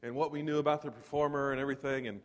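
A man's voice: mid-range voice, fairly even intonation, rapid-fire. A man in his forties from Texas, preaching a sermon in a conversational storytelling way with touches of humor. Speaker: pastor. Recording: long reverb of a large hall.

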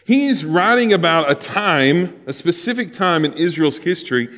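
A man's voice: a little high, animated, moderate pace, a bit bright. A man in his forties preaching a sermon in a church, joking and telling stories to the congregation. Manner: joking, storytelling, talks to congregation. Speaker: pastor. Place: church sanctuary. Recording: long hall reverb.

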